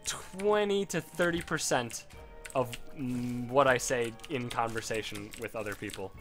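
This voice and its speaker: Young Chicago man, mid-pitch, rambling profane game commentary, faint music underneath. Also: measured pace, a bit bright. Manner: rambling, profane, frequent fillers. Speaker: let's play host. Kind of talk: casual gameplay commentary.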